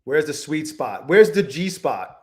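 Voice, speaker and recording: A very animated futures trader with a fairly high voice gives a little-slow live-stream commentary on his trades, cursing nearly every sentence. Angry and frustrated, he swings from low, bitter muttering to shouting at the chart when trades turn on him.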